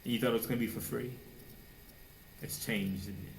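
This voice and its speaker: A man's voice: fairly even intonation, brisk, creaky, slight background noise, low-quality recording. Fervent male preacher asking rhetorical questions. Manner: fervent, rhetorical questions, mocks people in high voices. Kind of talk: sermon.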